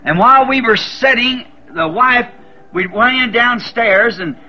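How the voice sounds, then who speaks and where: A man in his fifties preaches with a high, ringing, bright voice. He tells his story with feeling and cries out when he repeats the prayers he made. The recording is dull and lo-fi, like an old sermon tape. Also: a little slow.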